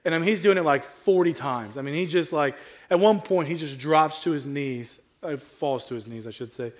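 High-voiced man preaching, conversational and emphatic. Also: moderate pace. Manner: conversational, swings from quiet asides to loud emphatic peaks; repeats and restarts phrases, asks the crowd questions. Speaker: pastor. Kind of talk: sermon.

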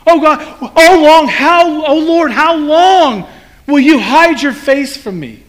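Man playing young king, weary, pleading, lamenting, very high voice. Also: lively intonation, unhurried, fairly bright tone, exaggerated voice.

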